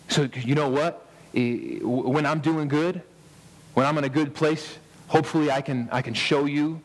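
A man in his thirties preaching a sermon as a pastor, earnest, pausing for emphasis and often restarting his words. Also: on the high side, long reverb tail.

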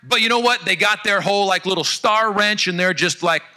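Male preacher, high bright voice, lively storytelling, hushed emphasis. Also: a little fast. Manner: animated storytelling, drops to soft hushed tones for emphasis. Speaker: pastor. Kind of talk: sermon.

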